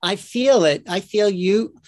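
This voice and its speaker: A man's voice: high voice, a little slow, darkish tone, no room sound. A man hosting a casual conversation, encouraging his guest and musing aloud.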